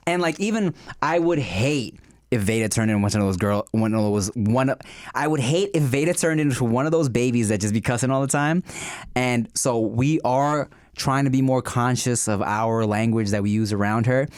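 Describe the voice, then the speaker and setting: A man's voice: mid-range voice, normal speed, darkish tone, no room sound, studio quality. A man co-hosting a podcast, talking in laid-back casual chat and laughing easily as he speaks. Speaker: podcast co-host.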